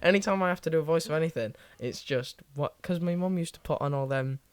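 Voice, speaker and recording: A man's voice: fairly high pitch, quick pace, dry recording. A young man trading jokey banter with a bit of swearing and frequent laughs. The sound is dry and close, with no room around it. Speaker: podcast co-host. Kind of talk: casual banter.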